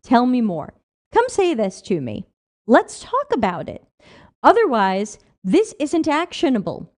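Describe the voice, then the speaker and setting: A woman's voice: on the high side, huge pitch swings, unhurried. A woman hosting a livestream, reading viewer comments aloud and answering them with emphatic rhetorical questions. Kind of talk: casual livestream talk.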